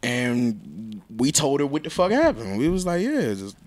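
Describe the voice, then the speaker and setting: A young man, a rapper guest, telling a story in a casual interview, loud and laughing, jumping between low mutters and high exclaims. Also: wildly swooping pitch, brisk.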